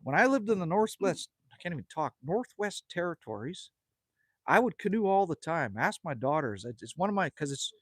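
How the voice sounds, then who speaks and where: A man in his 50s hosts a casual livestream outdoors at a country cabin at sunset, rambling amiably as he reads viewer comments. His voice sits on the high side and swings widely in pitch, fairly quick and husky, with a dry recording.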